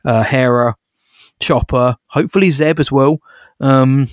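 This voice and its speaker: A man's voice: mid-range voice, unhurried, no echo, clean studio sound. A man co-hosting a podcast in casual chat, upbeat and jokey, asking his co-host questions.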